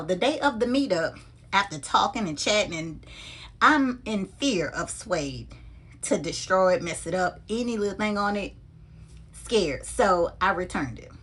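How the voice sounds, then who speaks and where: A woman handbag vlogger chatting casually and with animated energy to her viewers while unboxing a bag. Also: mid-range voice, slightly rough.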